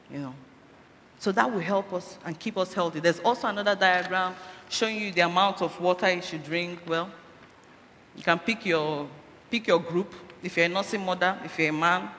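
A fairly low, somewhat bright female voice gives a sermon that turns into a health talk. The church speaker pushes her audience and asks them rhetorical questions. Echo fills the hall, and there is faint background noise.

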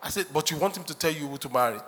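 A man's voice: on the high side, animated, rapid-fire, a bit bright, husky. A man preaching a sermon as pastor, joking, acting out quotes and laughing often. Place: church hall. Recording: reverberant hall.

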